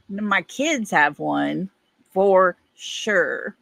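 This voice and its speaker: A woman's voice: mid-range voice, animated, very slow, creaky, fairly bright tone, dry recording. A middle-aged woman with an East Texas accent, hosting a livestream and chatting casually with viewers in a folksy way while laughing often. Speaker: livestream host. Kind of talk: casual chat reading viewer comments.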